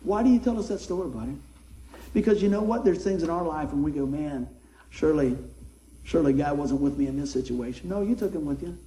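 Man, preacher, folksy conversational sermon, mellow voice, slightly high, echoey room. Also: expressive, a little fast.

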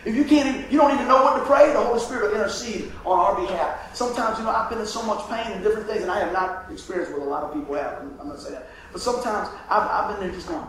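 A high-voiced male pastor preaching to his congregation, calling for amens as he moves between quiet, drawn-out phrases and loud bursts. He is heard from a distance in a very echoey church room with faint background noise. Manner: call-and-response preaching, asks for amens; swings from hushed to loud and drawn out. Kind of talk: sermon. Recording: echoey room picked up from far off.

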